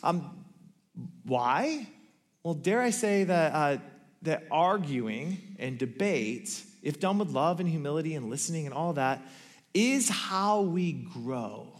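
A man's voice: fairly high pitch, animated, slow. A man giving a sermon, telling a story in a conversational way with many fillers. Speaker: pastor.

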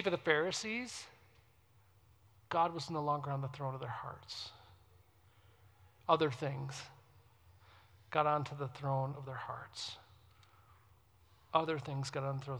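Male pastor, a touch high-voiced, emphatic sermon delivery swinging from loud to hushed, conversational asides. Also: normal speed, creaky, long pauses. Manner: conversational, asks the congregation questions.

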